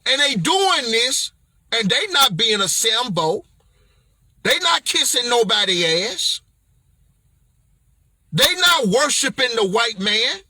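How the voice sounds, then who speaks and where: A man preaching a fiery motivational message in a very high, bright, slightly husky voice. He speaks slowly and lands his points bluntly, swinging from low growls up to shouts. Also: sing-song, dry recording, studio quality. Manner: often raises voice to a shout.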